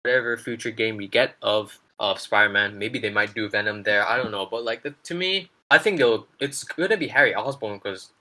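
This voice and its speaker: An enthusiastic man co-hosts a relaxed gaming chat. His voice is bright and eager, and he talks with excited fan energy. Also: fairly low pitch, fairly quick, few pauses. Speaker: gaming channel co-host.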